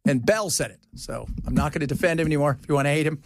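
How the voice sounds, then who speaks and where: Rapid-fire and on the high side, this man's voice comes through clean with no room sound. He's a radio talk show host in the studio, ribbing his co-hosts casually and doing voices for the people he quotes.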